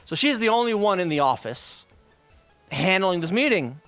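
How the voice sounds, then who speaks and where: High, lively, swearing storyteller man. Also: moderate pace, no room sound, faint music behind. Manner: profane, rambling, frequent fillers and asides. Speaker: streamer. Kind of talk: casual storytelling chat.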